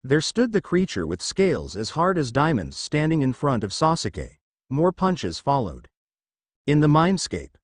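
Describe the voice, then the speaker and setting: A man's voice: medium pitch, big pitch swings, normal speed, no echo, clean studio sound. Man narrating a fan story. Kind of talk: fan fiction story reading.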